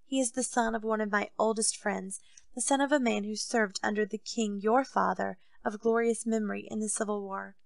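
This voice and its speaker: A woman reading aloud voices a loyal male captain of musketeers, speaking in measured, deferential pleading to his king. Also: mid-range voice, fairly even intonation, gravelly, no echo, close to an everyday voice. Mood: respectful.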